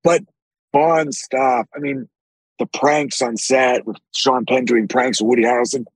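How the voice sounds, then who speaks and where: A man with a deep, raspy voice, telling animated stories with frequent swearing as a podcast guest. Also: unhurried, no room sound, poor audio. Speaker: actor guest. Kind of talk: casual podcast interview.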